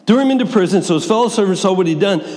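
A man preaching a sermon, reading scripture aloud with lively swings between soft asides and raised, dramatic passages. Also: rapid-fire. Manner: lively, wide swings in pitch and loudness, reads scripture dramatically. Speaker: pastor. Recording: long hall reverb.

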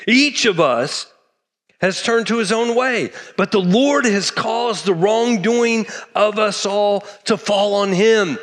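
A man's voice: high-pitched, takes it slowly, a bit bright. A middle-aged man from Texas, preaching a sermon emphatically and repeating key phrases. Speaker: pastor.

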